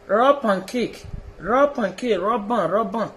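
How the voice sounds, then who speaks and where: A Nigerian man with a notably high-pitched voice records a pleading, deferential video message. He keeps repeating phrases and slides between pidgin and colloquial English. A faint hiss of background noise sits under his voice. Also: a little slow, fairly bright tone. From Edo State, Nigeria. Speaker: social media personality. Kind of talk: direct-address video message.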